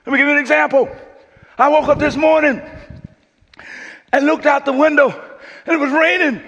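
A man preaching a sermon as pastor, working up to shouts and calling on the congregation to answer. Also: extremely high pitch, moderate pace, long reverb tail, highs cut off. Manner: preaching with rising shouts and call-and-response. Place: church sanctuary.

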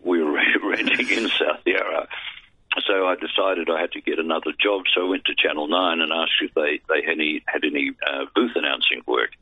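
A toothless older Australian man who is a veteran broadcaster and voice artist chats on a tinny, dry phone line, telling rambling self-deprecating stories laced with dry jokes. His gummy bass voice is husky and fairly quick. There is no room sound in this casual anecdotal interview.

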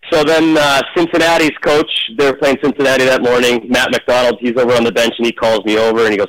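A man, a former referee, telling stories casually in an interview, animated and full of restarts. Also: mid-range voice, fast, low-quality recording. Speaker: hockey officiating manager, former referee.

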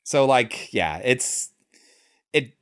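A man's voice: mid-range voice, animated, drawn-out words, clear, resonant tone. An American man in casual conversation reviewing a movie, explaining at length and swearing now and then. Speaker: movie podcast co-host. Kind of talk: casual film review chat.

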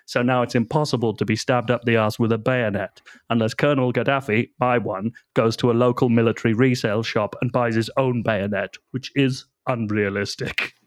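A man's voice: brisk, hardly any pauses, natural voice. A man doing a weary, mock-earnest dog owner. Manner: lower, flat, mock-earnest.

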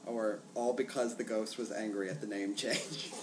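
A man acting as quiz master in a relaxed game among friends. He explains answers haltingly, full of "uh" and "um". He sits some way from the mic, with steady noise behind him. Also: on the low side. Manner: hesitant, filler-heavy explaining. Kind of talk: casual hosted quiz chat. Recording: distant mic with background noise.

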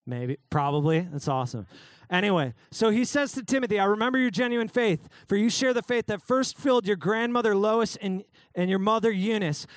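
A man's voice: sits high, no room sound, clean studio sound. A young adult man preaching a casual, joking youth sermon, calling out listeners by name. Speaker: youth pastor.

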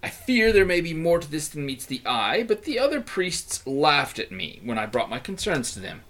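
A man doing a grim, dour priest who keeps the dead, voice pushed low and flat, slow and heavy with every word, the solemn graveyard keeper of a tabletop game, a bright tone left in the sound, as the game master puts him on. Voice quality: deep low monotone.

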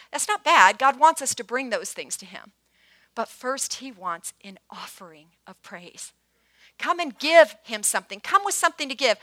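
Woman pastor in her fifties, bright and fairly high, dry close sound; earnest sermon delivery with hushed prayers. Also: lively intonation, normal speed, no echo. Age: 50s.

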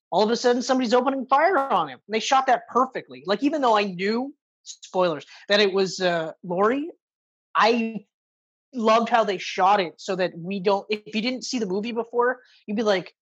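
A woman in a relaxed film chat, swearing freely and acting out lines from the movie. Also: medium pitch, slightly rough, muffled recording. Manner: casual, swears often, acts out movie lines. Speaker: podcast co-host. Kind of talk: casual movie review chat.

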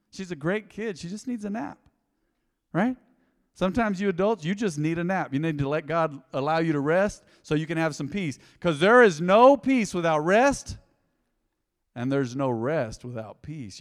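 A middle-aged man preaching a sermon in a church, passionate and emotional, swinging between loud excitement and quiet, earnest talk. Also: on the high side. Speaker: pastor. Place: church sanctuary. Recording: long hall reverb.

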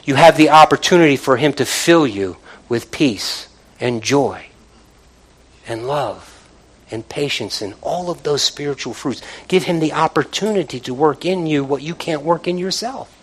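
A man's voice: a little high, lively intonation, normal speed, fairly bright tone, breathy edge, poor audio. A man preaching a sermon from the pulpit in a conversational way, calling out to the congregation. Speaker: pastor. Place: church, from the pulpit.

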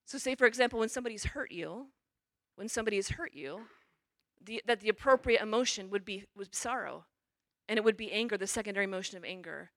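A woman's voice: medium pitch, quick pace, a bit bright, no echo. A woman, a religious sister, giving a conversational sermon at a parish mission, often checking in with "okay?" and "you know.".

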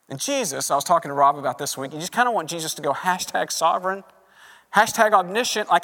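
A male pastor preaching an animated sermon, acting out the voices of the people he quotes. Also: on the high side, fast. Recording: reverberant hall.

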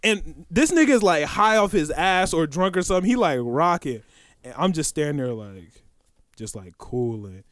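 A young man telling a funny story to a friend in casual chat, animated and often laughing. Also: sits high, normal speed, no echo, clean studio sound. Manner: animated, laughing, swearing, acts out quoted voices.

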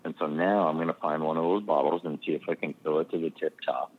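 A man, chatting casually as a podcast co-host, swearing freely and filling pauses with ums. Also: very deep voice, fairly even intonation. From Canada. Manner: casual and profane, full of ums and restarts. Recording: dull lo-fi recording.

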